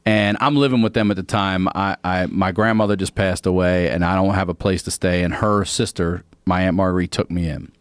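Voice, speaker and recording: A man in his forties, a podcast guest, telling a long anecdote in a casual, lively way, swearing freely and acting out what people said. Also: deep voice, brisk, hardly any pauses, clean tone, no echo, clean studio sound. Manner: lively, profane anecdote telling with quoted voices. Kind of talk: casual storytelling. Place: podcast studio.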